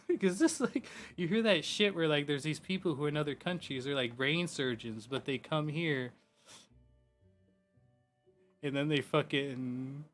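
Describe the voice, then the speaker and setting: Male streamer, casual rambling chat, profane, slightly high pitch, soft music underneath. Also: normal speed, few pauses. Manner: loose, profane, full of "like" and "you know". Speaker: gaming streamer.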